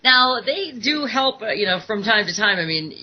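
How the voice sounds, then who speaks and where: A woman's voice: medium pitch, lively intonation, moderate pace. A woman hosting a casual call-in radio talk show, chatty and full of fillers as she reads out statistics. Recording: dull lo-fi internet radio audio.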